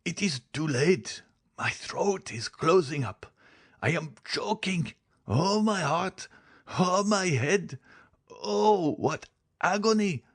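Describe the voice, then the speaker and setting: A dying old servant gasps and wails in a strained, high-pitched voice that climbs far above the reader's own. His cries stretch out slowly, each word dragged with pain. It sounds thin and unlike the usual reading timbre. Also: lively intonation, breathy edge, full character voice. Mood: agonized. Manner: gasping, wailing, drawn-out cries. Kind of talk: audiobook character voice.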